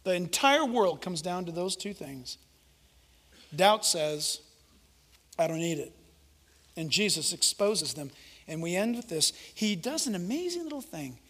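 High, bright-voiced preaching man. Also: measured pace, husky. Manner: animated, conversational, acts out quotes. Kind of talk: sermon. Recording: echoey hall reverb.

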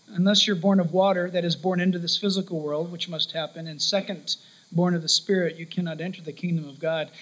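Man, preacher, sermon, very high pitch, animated, acts out voices in stories. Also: poor audio.

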